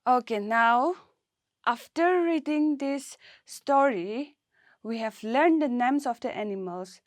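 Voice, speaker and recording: Slow high-voiced woman teacher. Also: lively intonation, darkish tone, no echo, clean studio sound. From Nagaland, India. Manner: spells words letter by letter, prompts class to repeat. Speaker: primary school English teacher. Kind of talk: recorded classroom lesson.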